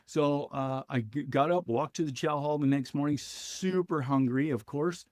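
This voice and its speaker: A man with a slightly high voice spins stories about his early service, animated, slipping into the people he quotes. The sound is close and dry, with no room around it. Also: moderate pace, dry recording. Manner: animated, acts out quoted officers and his younger self. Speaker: podcast guest, former Marine. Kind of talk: storytelling in conversation.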